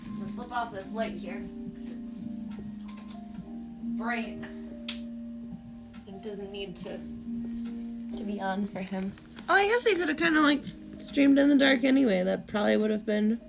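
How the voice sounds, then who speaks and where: Slow-talking woman cooing to her pets. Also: mid-range voice, vocal fry, rough recording. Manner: cooing, affectionate baby talk to her animals. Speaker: live streamer. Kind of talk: casual live stream talking to pets. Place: home, indoors. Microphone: phone held in hand. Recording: loud music playing in the room.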